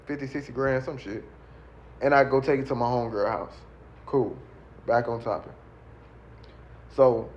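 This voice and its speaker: A man from Virginia telling his survival story in an interview, casual and animated, acting out the dialogue and repeating phrases for emphasis. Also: medium pitch, dull audio. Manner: animated, acts out the dialogue and sounds.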